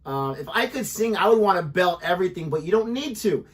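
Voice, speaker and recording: A man's voice: high voice, animated, brisk. A man chatting casually as a co-host of a music reaction video. He explains things eagerly and hands out suggestions. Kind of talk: casual chat.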